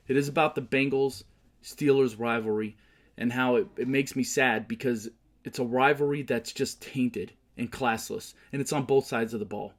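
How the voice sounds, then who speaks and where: A man hosting his own show, giving casual sports picks and movie talk, swearing and ranting hotly about his team. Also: medium pitch. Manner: profane, heated ranting. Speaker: show host.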